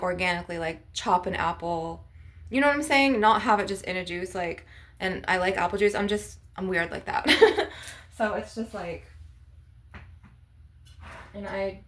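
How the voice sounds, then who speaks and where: Her voice is medium-pitched and somewhat bright as this young woman vlogs to her audience. She rambles casually while displaying her crystals, saying "like" and "you guys" a lot.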